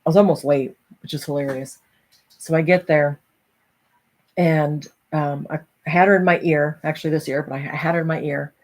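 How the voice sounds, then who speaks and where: Middle-aged woman host, low-pitched, animated storyteller. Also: moderate pace. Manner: animated storytelling, acting out other voices. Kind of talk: personal story to an audience.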